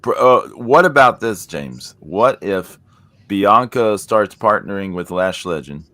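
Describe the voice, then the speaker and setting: Low-voiced guy co-hosting, hesitant, thinking out loud, dry sound. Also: no room sound. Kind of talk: casual wrestling chat.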